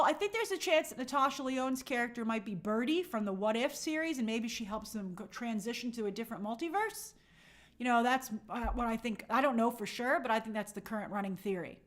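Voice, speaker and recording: A woman's voice: on the high side, fairly bright tone. Chatty woman hosting a live stream. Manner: casual, thinking aloud with frequent fillers. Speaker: host. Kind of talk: live-stream chat reading viewer comments.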